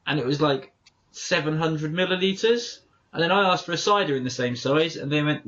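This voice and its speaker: A man's voice: on the high side, moderate pace, fairly bright tone, highs cut off. A man co-hosting a podcast, chatting casually and telling rambling stories with lots of self-corrections. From England. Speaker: podcast co-host. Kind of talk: casual chat.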